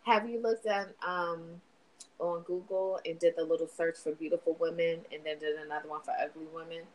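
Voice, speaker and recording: A woman's voice: low voice, steady tone, brisk, poor audio. A woman in casual chat, talking candidly with frequent swearing and laughter. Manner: candid and profane, laughing often.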